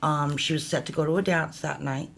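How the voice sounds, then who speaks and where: A woman, a ghost hunter guest, telling ghost stories in a lively, conversational way full of "you know". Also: deep voice, a little fast, vocal fry. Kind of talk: storytelling ghost tales.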